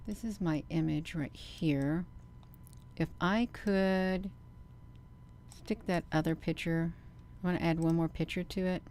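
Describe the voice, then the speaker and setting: A low-pitched woman hosting her channel talks at a measured pace through camera footage in chatty, casual live commentary, with a little hiss or hum audible. Animated throughout, she keeps saying "you all" to her audience and presses them in emphatic bursts to look where she points.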